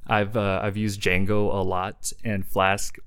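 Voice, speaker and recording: A man's voice: lowish voice, level tone, measured pace, a bit bright, clear, resonant tone. A man guesting on a tech podcast, chatting casually and enthusiastically about his webcomic site, with fillers. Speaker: guest, webcomic creator and developer. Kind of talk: casual interview conversation.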